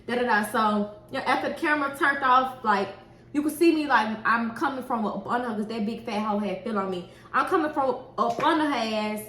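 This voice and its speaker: Animated woman telling a story, echoey room. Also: a little high, fairly quick. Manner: animated, profane, acts out quoted dialogue. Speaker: nail technician. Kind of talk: casual storytime vlog. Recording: echoey room with faint noise.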